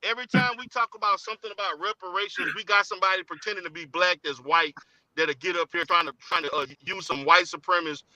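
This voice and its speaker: A man hosting a heated live-stream debate who talks forcefully, repeats himself and cuts others off. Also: high-pitched, fast, rough recording. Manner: forceful, repetitive, cutting others off.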